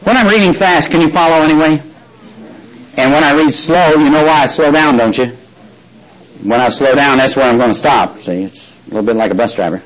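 Folksy older preacher asking the congregation questions. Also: male voice, fairly high pitch, brisk, low-quality recording. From Texas. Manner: folksy, asks the congregation questions, reads scripture aloud. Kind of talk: sermon.

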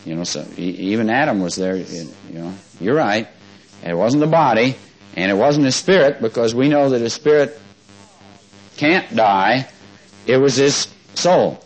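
A man preaching to a congregation in an easygoing, folksy way, stopping to ask questions and have people say words back to him. His voice sits at an ordinary middle pitch, with faint music in the background. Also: lively intonation, unhurried, low-quality recording. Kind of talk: sermon with congregation call-and-response.

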